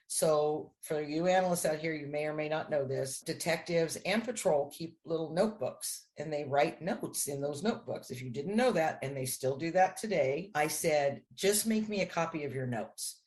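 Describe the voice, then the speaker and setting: A woman guest, a crime analyst, telling a story on a podcast and acting out the dialogue with lively voices. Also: low-pitched.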